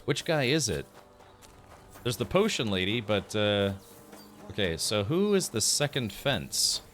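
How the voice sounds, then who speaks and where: A man's voice: on the low side, sing-song, unhurried, fairly bright tone, slight background noise. A man streaming a game, chatting casually, thinking aloud and answering his chat. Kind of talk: casual gameplay commentary.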